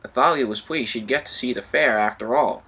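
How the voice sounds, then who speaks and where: A man narrating a toy train story with an expressive, lively reading. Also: medium pitch, fairly quick, breathy edge. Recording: voice over loud music.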